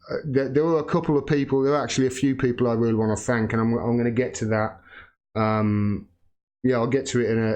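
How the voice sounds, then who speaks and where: A man delivering a heated political rant to his viewers, swearing and lashing out. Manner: heated, swearing, rising to shouting pitch. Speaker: political commentator. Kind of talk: angry political rant to camera.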